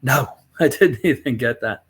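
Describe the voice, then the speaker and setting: A middle-aged man speaks as an interview guest, recounting his past frankly and without polish. He swears freely and slips into the voices of the people in his story as he quotes them. His pitch sits in an ordinary middle range for a man. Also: unhurried, breathy edge. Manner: blunt, profane, acts out both sides of quoted dialogue. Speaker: podcast guest, former Navy SEAL.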